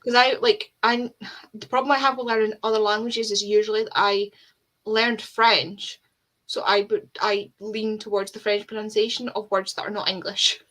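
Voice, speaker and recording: Bright-voiced Scottish woman hosting a chat. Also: mid-range voice, steady tone. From Scotland. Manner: chatty and self-deprecating, quick laughs. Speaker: host of a reading sprint livestream. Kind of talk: casual chat.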